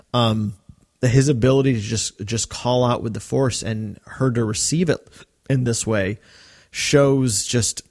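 A man talks through his picks on a podcast, animated and chatty. His voice sits in a middle range and he often slips into quick quoted lines. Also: mid-range voice. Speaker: podcast co-host. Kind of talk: casual podcast discussion.

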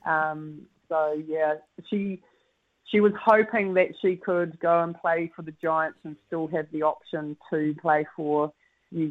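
New Zealand woman coach, muffled radio line. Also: deep voice. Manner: measured explanations, laughs easily at teasing. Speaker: netball coach. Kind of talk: radio interview. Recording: slightly muffled radio audio.

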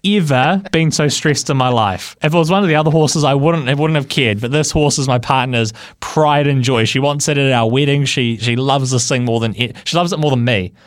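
A man telling a personal story on the radio, animated and lively, laughing along. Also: medium pitch, a little fast, few pauses, no room sound, clean studio sound. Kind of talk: casual anecdote.

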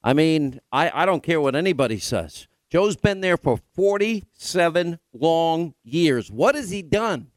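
A man hosting a political talk radio show from a remote broadcast location, firing off rapid rhetorical questions. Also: a little high, animated, dry recording.

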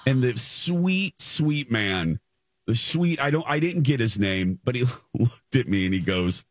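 A male radio host in casual storytelling chat. He tells the story in an animated way, stumbling over repeated words as he gets worked up. His voice is at an ordinary pitch and sounds dry and close. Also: slow, no room sound. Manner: animated, stumbling repeats while reliving the moment.

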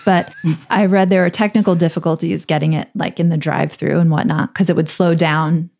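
A woman's voice: deep voice, steady tone, a little fast, gravelly, darkish tone. A woman co-hosting a podcast, explaining things in a chatty, amused way. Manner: chatty, amused, lots of "like" fillers. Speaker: podcast co-host. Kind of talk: casual chat.

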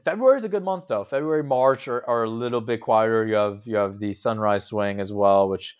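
A man's voice: fairly low pitch, brisk, clean tone. A young adult man co-hosting a podcast in casual chat, joking sarcastically and laughing often. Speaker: podcast co-host.

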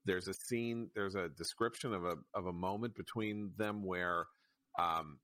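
A man's voice: low voice, steady tone, unhurried, sharp tone, no echo. A man co-hosting a casual podcast chat, rambling through his thoughts and laughing easily. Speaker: podcast co-host.

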